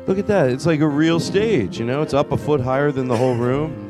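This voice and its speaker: A man's voice: fairly high pitch, a little fast, music in the background. A man hosting a comedy podcast, rambling through a stand-up bit with self-mocking asides. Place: podcast studio with a small stage.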